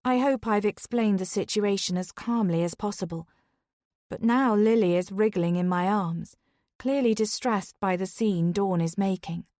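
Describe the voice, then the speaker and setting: Woman, audiobook narrator, calm even reading, mid-pitched, dry close recording. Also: moderate pace, dry recording. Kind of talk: first-person audiobook narration.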